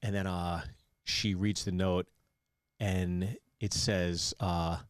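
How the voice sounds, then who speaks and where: A middle-aged man co-hosting a podcast, telling relaxed anecdotes about his kids and laughing at them. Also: low-pitched, slow pace, no room sound, clean studio sound. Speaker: podcast co-host. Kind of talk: casual chat.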